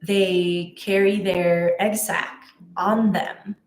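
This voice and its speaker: Slow, chatty woman in an echoey room. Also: lowish voice, steady tone. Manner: chatty, many fillers and restarts. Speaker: spiritual content creator. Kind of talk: casual personal storytelling.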